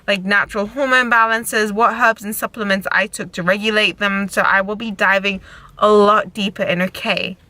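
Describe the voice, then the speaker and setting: A woman's voice: mid-range voice, fairly even intonation, moderate pace, pushed and bright, dry recording, low-quality recording. A young woman giving frank, encouraging advice in a casual vlog, chatty and swearing now and then. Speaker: vlogger and recovery coach. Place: outdoors by a road with passing cars. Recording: faint traffic noise behind.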